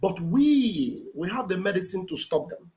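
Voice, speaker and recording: A man hosts a commentary livestream, preaching in an emphatic and repetitive way. His voice sits high for a man, and he speaks into a computer mic. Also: sing-song, normal speed, darkish tone. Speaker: livestream host and political commentator. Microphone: computer mic on a live stream.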